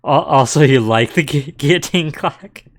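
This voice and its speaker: A man streaming a video game, chatting casually with a co-host in a laid-back, halting way. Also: a little high. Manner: laid-back, hesitant, restarts often. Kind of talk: casual let's-play chat.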